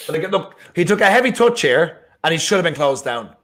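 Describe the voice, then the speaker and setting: An Irish man co-hosting a live football watchalong, joking and reacting excitedly to the match. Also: on the high side, a little fast. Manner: excitable, jokey, bursts into shouting and laughter. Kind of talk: casual live match chat.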